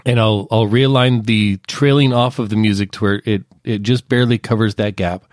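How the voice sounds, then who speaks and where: A man with a lowish voice lays out his editing routine one careful step at a time. His talk is casual and detailed, like a chat between colleagues. The sound is dry and close, with no room around it. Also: fairly even intonation, moderate pace, dry recording. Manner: detailed, methodical step-by-step explaining. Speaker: associate producer and editor.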